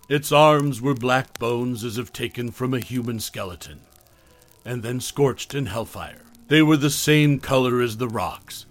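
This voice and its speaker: A man narrating a first-person horror story in a measured, scripted way, his phrases often trailing off softly. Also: mid-range voice, no echo.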